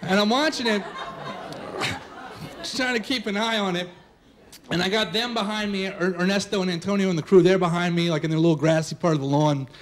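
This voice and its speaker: A young man telling a personal story on stage before a live audience, casual and animated, full of "like" fillers. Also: high-pitched, brisk, slight background noise.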